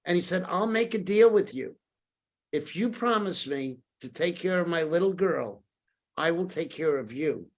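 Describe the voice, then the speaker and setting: Older man, podcast guest, animated storytelling, acts out quoted voices. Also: fairly high pitch, moderate pace.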